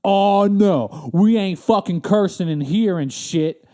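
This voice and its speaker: A woman's voice: medium pitch, takes it slowly, dark tone, lightly acted. A man mimicking an irritable female DMV clerk who scolds him indignantly and curses while doing it. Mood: scolding. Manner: indignant, profane, clipped.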